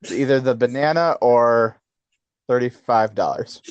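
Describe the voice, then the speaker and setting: A man's voice: medium pitch, unhurried, clear, resonant tone, no room sound, lo-fi sound. A man co-hosting a casual chat podcast. He rambles, mocks himself and laughs easily. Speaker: podcast co-host.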